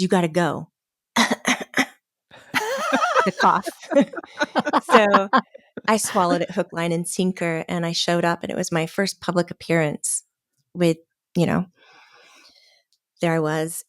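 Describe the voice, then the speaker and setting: A middle-aged woman on a podcast, telling a story with lots of laughter and little acted-out quotes. Her voice sits a bit low for a woman, and the sound is close and dry with no room echo. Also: steady tone, measured pace, pauses often. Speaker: podcast guest, medium. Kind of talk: casual storytelling chat.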